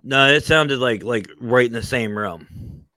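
A man co-hosting a casual podcast, speaking haltingly and carefully, often repeating his words. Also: mid-range voice, sharp tone, dry recording. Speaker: podcast co-host. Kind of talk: casual chat. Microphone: headphones and home mic.

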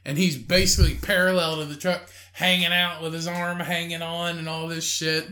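A man's voice: fairly high pitch, little pitch movement, moderate pace, pushed and bright. A man co-hosting a podcast, telling a long, crude, laughing story in casual chat and acting out the people in it. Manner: crude, laughing storyteller, acts out drunk friend and angry lady. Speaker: podcast co-host.

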